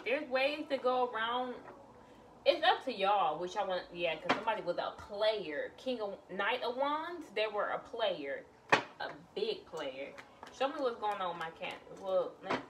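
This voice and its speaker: A woman's voice: mid-range voice, recorded from a distance, background noise. A woman doing a casual tarot reading, blunt and exclamatory, swearing freely as she lays out cards. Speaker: tarot reader.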